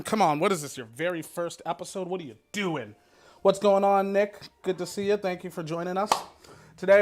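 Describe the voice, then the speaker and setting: A man's voice: sits high, a bit bright. A man hosting a casual food and whisky pairing talk in an upbeat, chatty way, often saying "you know" and repeating himself. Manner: rambling with repeats. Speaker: host. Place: home kitchen.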